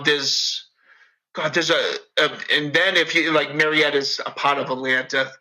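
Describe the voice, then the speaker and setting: A man with a thick Boston accent rambles through casual podcast chat, swearing freely and telling stories with animated energy. His voice is very bright and sits a little high. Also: creaky, poor audio. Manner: profane, rambling, animated storyteller. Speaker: podcast guest.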